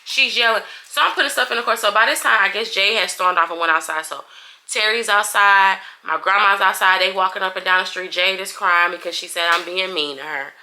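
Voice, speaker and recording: A young adult woman vlogger telling a heated story in a casual, animated, profane way. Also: medium pitch, fairly quick. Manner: animated, profane, acts out everyone's lines.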